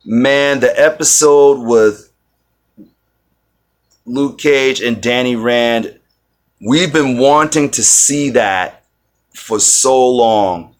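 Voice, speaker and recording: A man giving a casual spoken review, rambling with many fillers and restarts. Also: mid-range voice. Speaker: video reviewer.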